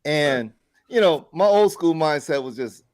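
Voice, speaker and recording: A middle-aged man co-hosting a casual talk show, telling a story with lively energy. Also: a little high, unhurried. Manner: animated storyteller who acts out quoted people. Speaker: podcast co-host.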